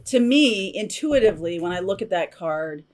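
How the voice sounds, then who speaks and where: A woman's voice: fairly low pitch, animated, moderate pace, a little mellow. A woman giving a casual, chatty tarot reading to her viewers, talking intuitively with many fillers and asides. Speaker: tarot reader.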